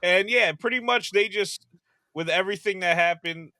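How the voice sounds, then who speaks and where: A young man co-hosting a casual podcast, telling stories in an animated, profane way and loudly acting out quotes. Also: sits high, moderate pace, no room sound, studio quality. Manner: animated, profane storytelling with loud acted quotes. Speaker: podcast co-host. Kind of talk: casual chat.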